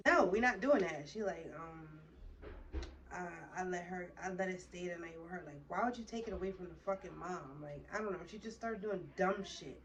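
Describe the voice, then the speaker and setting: Young woman vlogger, lowish voice, swears freely while telling a casual story, recorded from a distance. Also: moderate pace, dull audio. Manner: profane, rambling storytelling. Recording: distant mic with faint room noise.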